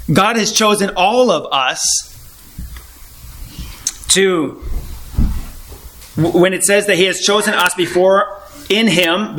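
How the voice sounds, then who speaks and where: A man with a notably high voice preaches in an earnest, informal way. He keeps returning to his main point and puts rhetorical questions to his listeners. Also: sharp tone, a little hiss or hum. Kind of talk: informal Bible teaching.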